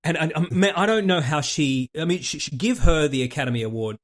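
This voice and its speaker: A man co-hosting a casual podcast chat, retelling TV scenes in an animated, quick way. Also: a little high. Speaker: podcast co-host.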